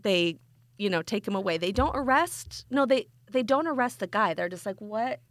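A woman co-hosting a podcast, chatting casually and telling a story in a giggly, animated way. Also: medium pitch, moderate pace, no echo. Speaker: podcast co-host. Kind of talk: casual chat.

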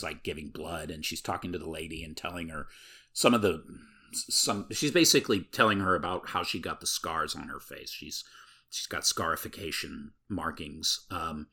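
A man with a deep, low voice recaps a movie in casual chat. His tone is bright and forceful, and he rambles with plenty of filler words. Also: husky.

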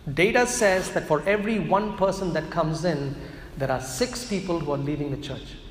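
Male priest, sermon, emphatic with slow low key phrases, roomy church sound. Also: a little hiss or hum. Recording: echoey church hall with long reverb.

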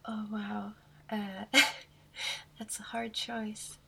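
Soft-spoken woman with a gravelly fry. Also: mid-range voice, flat delivery, extremely slow, a loud crowd. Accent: non-American. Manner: shy, soft-spoken, hesitant with frequent fillers. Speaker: guest artist. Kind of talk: casual podcast interview.

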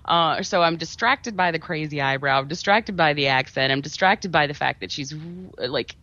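A woman co-hosting a podcast, chatting casually about a horror movie in an animated, wry way. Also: low-pitched, moderate pace, no echo, muffled recording. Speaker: podcast co-host. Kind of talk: casual movie review chat.

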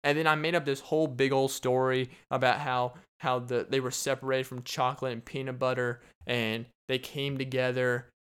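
A man's voice: mid-range voice, flat delivery, normal speed, few pauses, fairly bright tone, smooth. Laughing, rambling young man. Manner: rambling and joking, laughs often. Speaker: podcast host. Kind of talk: casual solo podcast monologue.

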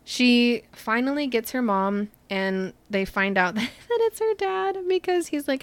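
A woman's voice: fairly high pitch, lively intonation, normal speed, few pauses, no room sound. A young woman casually retelling a novel's plot, laughing often and peppering her talk with "like". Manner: chatty, laughing, heavy use of "like", acts out characters' lines loosely. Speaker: podcast host retelling a book. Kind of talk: casual book recap chat.

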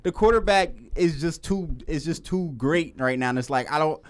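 A man's voice: on the high side, normal speed, clean tone. Man, sports talk host, casual, rambling, self-correcting, laughs a lot.

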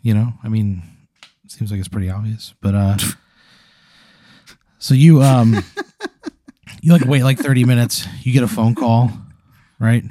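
A man's voice: medium pitch, measured pace, long pauses, warm tone, no room sound, studio quality. A man hosting a comedy podcast, telling a long absurd hypothetical story full of acted quotes and frequent laughs.

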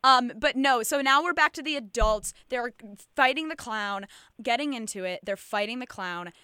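A woman hosting a casual chat, retelling a film plot in an animated way and acting out the quotes. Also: on the high side, normal speed, clean tone, no echo, clean studio sound. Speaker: podcast host.

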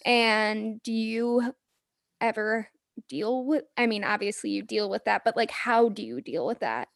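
A woman's voice: fairly high pitch, a little slow, no echo, studio quality. A woman hosting a podcast, chatting casually and upbeat, using lots of "like.". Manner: upbeat, conversational, many "like"s. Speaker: podcast host. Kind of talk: casual interview chat.

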